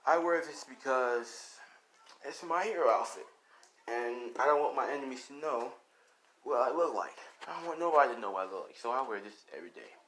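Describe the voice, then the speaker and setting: A man voicing a stern male mentor who gives calm, clipped orders in a low, hushed tone. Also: brisk, a little hiss or hum, close to an everyday voice.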